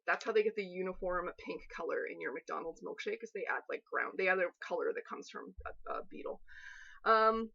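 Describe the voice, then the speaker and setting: A woman's voice: medium pitch, a bit bright, husky, dull audio. A woman hosting a live baking stream from her home kitchen, chatting and joking in a rambling way with her viewers. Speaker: host of a live cooking stream.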